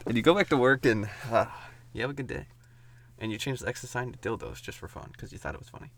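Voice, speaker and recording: A man improvising a comedic horror story as he goes, giggling often and dropping into a hushed whisper for the spooky parts. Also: mid-range voice, sing-song, fast talker. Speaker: podcast co-host narrating an improvised story.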